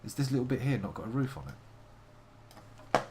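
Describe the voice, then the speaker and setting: A man's voice: mid-range voice, lively intonation, fairly quick, warm tone, soft background music. A man giving playful, wordy live commentary on a game he is playing, making theatrical asides to his chat. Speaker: live-streaming game player.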